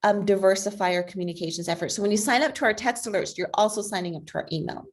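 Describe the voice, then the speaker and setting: A woman speaking as a guest on a video call, persuasive and energetic, with frequent fillers. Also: medium pitch, quick pace. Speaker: guest speaker, advocacy group president. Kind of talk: conversational online talk.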